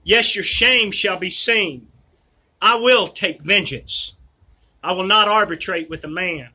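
A man reading scripture aloud in a measured, declamatory way. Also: high voice, bright, forceful tone, husky, rough recording. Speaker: scripture reader.

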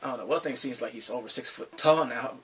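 A man's voice: medium pitch, quick pace, a bit bright, husky, far from the mic. A man casually recapping and reviewing a TV episode, laughing often and acting out characters' lines.

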